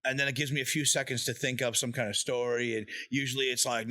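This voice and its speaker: A man, a comedian guest on a podcast, talking fast and ranting with lots of swearing. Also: mid-range voice, flat delivery, bright, forceful tone. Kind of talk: casual chat.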